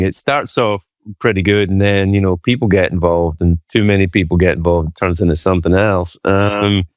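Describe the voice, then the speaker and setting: A man's voice: low-pitched, clear, resonant tone, dry recording. A man hosting a casual interview, musing aloud with a wry, dry sense of humor. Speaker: podcast host.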